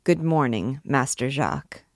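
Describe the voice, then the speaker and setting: Stern middle-aged churchman, read by a woman, low and grave. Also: sing-song, a little slow, no echo, clean studio sound, full character voice. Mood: commanding. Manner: grave, admonishing. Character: stern gloomy middle-aged male archdeacon.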